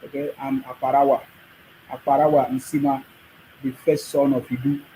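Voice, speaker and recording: A man's voice: medium pitch, little pitch movement, normal speed, dark tone, slight background noise, rough recording. A man with a Nigerian accent, from Akwa Ibom, giving an emphatic casual monologue, repeating phrases and often laughing. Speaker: vlogger.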